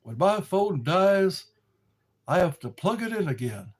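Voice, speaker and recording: A man hosting a rambling live stream, chatting slowly with viewers from a dark room lit by a candle. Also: high voice, very animated. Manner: slow, meandering, talks to viewers. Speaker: livestream host.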